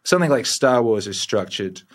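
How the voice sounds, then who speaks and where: A man's voice: lowish voice, moderate pace. A man in his forties, a musician guest telling rambling, profane stories in a casual interview. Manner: profane, rambling, animated storyteller.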